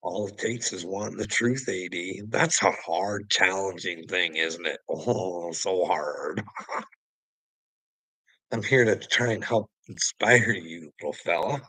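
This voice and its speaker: A man's voice: low voice, takes it slowly, sharp tone, breathy edge, no room sound, low-quality recording. A man speaking straight to a viewer, profane and preachy, mocking him and laughing often. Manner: mocking, laughs often, calls listener bud and brother. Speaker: livestream host. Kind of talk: taunting monologue to a viewer.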